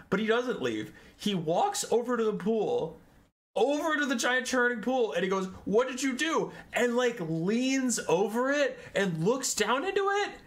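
A man's voice: sits high, fairly bright tone. A young man in a casual, exasperated lore rant, sarcastic and swearing often. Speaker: lore video creator.

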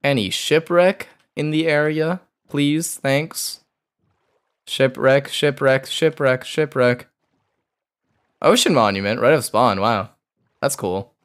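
A man streaming a game live, talking to himself in an excitable way, repeating phrases and swearing as he plays. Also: mid-range voice, takes it slowly, clean tone. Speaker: gaming streamer. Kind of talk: live gameplay commentary.

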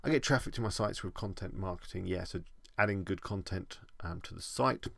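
A man's voice: sits low, a little fast, vocal fry, a bit bright, dry recording. A man with an English accent, chatting casually as he answers viewer questions on a live stream.

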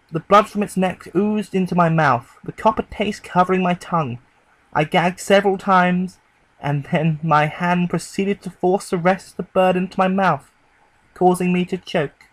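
A man narrating a horror story in a grim, measured storytelling delivery. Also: sits high, no echo, low-quality recording. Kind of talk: dramatic horror story reading.

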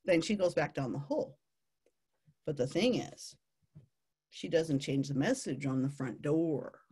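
A woman telling a playful nature story to families, animated and laughing often. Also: deep voice, unhurried, slightly rough.

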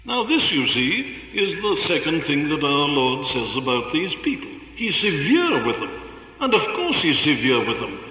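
A man's voice: on the high side, huge pitch swings, moderate pace, sharp tone. A man preaching a sermon in an earnest, rhetorical way, piling up emphatic repetitions. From Wales. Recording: echoey hall with long reverb.

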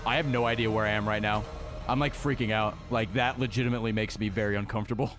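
A man's voice: on the low side, steady tone, quick pace. A male streamer giving profane, jumpy commentary while playing a horror game, yelping when startled. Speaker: gaming streamer. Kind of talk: reactive gameplay commentary. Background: horror game music and sounds.

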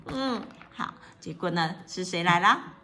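Lively woman explaining a picture book. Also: lowish voice, a little slow. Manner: lively, asks a child questions, mixes in English; laughs often while explaining.

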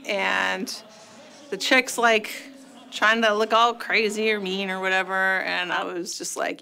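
A woman's voice: medium pitch, level tone, a little slow, creaky, pushed and bright, low-quality recording. A woman recounting her past in a candid documentary interview, swearing freely and acting out her own outbursts.

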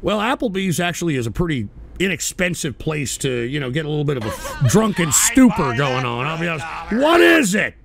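Gravelly, high-pitched ranting man. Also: animated, brisk. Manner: angry, loud, swearing, shouting at viewers. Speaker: talk radio host reading paid chat messages. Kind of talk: profane political rant.

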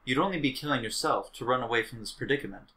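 Brief: a man playing a proud young heir, calm and commanding, bright edge to the voice. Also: medium pitch, fast. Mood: stern. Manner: calm, lofty, declarative. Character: haughty rich young male heir, commanding and composed. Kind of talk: let's play voice acting.

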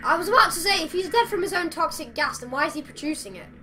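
A gamer with a very high voice talks fast with lively intonation against a noisy background. She's chatty and exasperated as she plays, addressing the creatures on screen in running commentary.

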